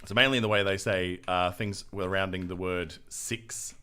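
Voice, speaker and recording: A young man streaming a game, chatting casually with a relaxed, joking manner and casual swearing. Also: sits low, moderate pace, smooth. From Australia. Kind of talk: casual gameplay chat.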